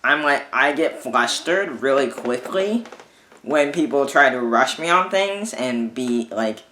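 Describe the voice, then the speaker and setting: A man rants straight to camera, exasperated and swearing freely, circling back and restarting his sentences as he vents. His voice has a bright, forceful edge, and the room throws back a noticeable echo. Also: mid-range voice, expressive, a little slow. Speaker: vlogger. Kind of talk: ranting casual monologue. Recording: echoey room.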